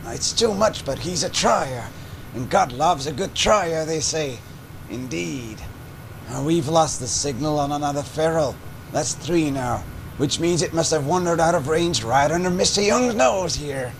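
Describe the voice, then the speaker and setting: A man's voice: fairly high pitch, expressive, measured pace, slight background noise. An actor playing a condescending male scientist with a Russian-sounding accent, sneering at and scolding his assistant. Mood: mocking.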